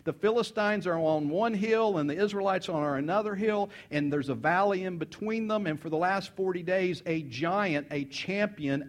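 A man preaching a sermon, retelling a story with folksy asides and acting out the characters' voices. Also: a little high. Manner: animated, acts out characters' voices.

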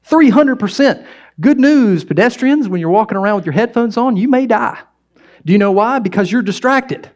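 A man's voice: high-pitched, animated, a little fast, darkish tone. A man preaching a sermon in a conversational, humorous way, telling stories and asking the audience questions. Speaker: pastor.

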